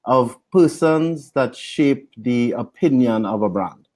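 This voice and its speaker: Male interview guest, Caribbean-born, average pitch, measured explainer. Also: expressive, a little mellow. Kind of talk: interview answers.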